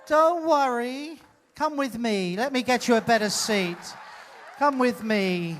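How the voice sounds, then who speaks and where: A man hosting a live comedy show, teasing an audience member in a playful, loud way. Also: high-pitched, lively intonation, a little slow, a little hiss or hum. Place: cruise ship theater stage.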